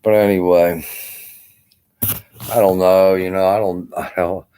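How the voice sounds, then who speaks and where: A worn-out older man talks to his camera in a low, dark, mellow voice. He rambles loosely, swears often and leans on "you know" between every thought. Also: little pitch movement, takes it slowly, clear, resonant tone. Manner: rambling, profane, full of "you know" fillers. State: exhausted. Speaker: army veteran vlogger. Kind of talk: casual rambling vlog monologue.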